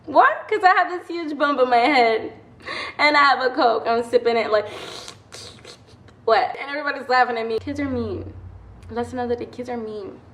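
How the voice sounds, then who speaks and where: A young woman telling a personal story in a casual vlog, chatty and animated, acting out quotes and laughing often. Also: high voice, fairly quick, long pauses. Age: young adult. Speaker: vlogger. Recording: echoey room.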